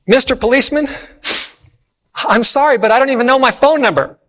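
A man's voice: high-pitched, fairly even intonation, normal speed, fairly bright tone. A man preacher voicing a lost five-year-old girl, tearful and pleading, as he tells a sermon story. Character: lost crying little girl, about five.

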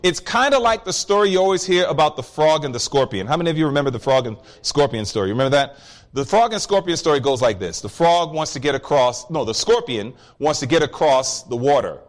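A man's voice: a little high, fast talker. A man preaching a sermon, breaking down a psalm and telling stories, asking the congregation questions. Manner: animated storytelling, addressing the congregation with questions.

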